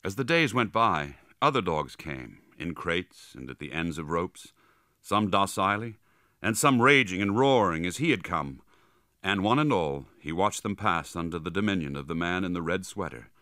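Male audiobook narrator, low-pitched, dramatic and animated, bright tone. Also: moderate pace, dry recording, studio quality. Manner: dramatic, vivid storytelling. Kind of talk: scripted narration.

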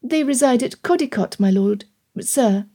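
Female reader doing a wide-eyed young lady, soft near-whisper, high and sweet, storybook figure. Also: lively intonation, a little slow. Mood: demure.

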